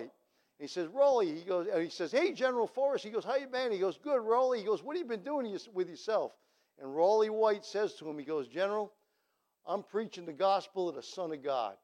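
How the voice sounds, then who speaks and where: A man's voice: on the high side, darkish tone. A man preaching a sermon, telling a story and then making emphatic appeals to the listeners.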